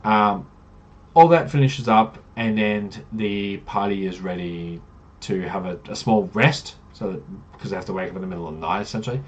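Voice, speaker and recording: Brief: casual game master recap, rambling with fillers, slightly low voice. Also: male voice, normal speed, muffled recording. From Australia. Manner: rambling, many fillers and self-corrections. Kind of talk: casual campaign recap narration.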